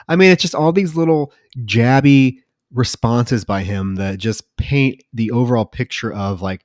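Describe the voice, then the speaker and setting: A man's voice: medium pitch, a little slow, no room sound, clean studio sound. A man co-hosting a film podcast, recounting scenes casually and swearing now and then. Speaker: podcast co-host.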